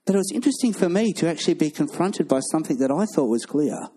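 A male preacher delivers a sermon to his congregation. His voice sits slightly high yet sounds mellow and warm. He preaches with animation and acts out the lines of the people in his stories. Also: lively intonation, quick pace, slightly rough. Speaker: pastor.

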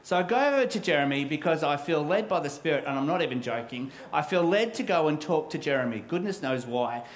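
A middle-aged male pastor preaching a sermon, recorded in an echoey church. His voice sits a little high for a man, and his storytelling is candid and self-deprecating. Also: lively intonation, fast talker.

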